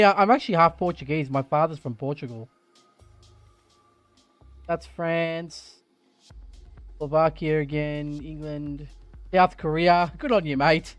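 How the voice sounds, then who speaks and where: An Australian man chatting on a live stream while sim racing, thinking out loud and getting excited. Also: a little high, no room sound. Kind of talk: live-stream gaming chat. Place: home sim racing rig.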